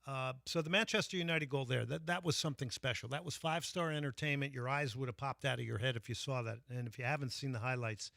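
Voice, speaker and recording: Gravelly, bright-voiced male radio host. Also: mid-range voice, fast, hardly any pauses, no room sound, studio quality. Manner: chatty, with frequent fillers and restarts. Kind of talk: casual sports talk monologue.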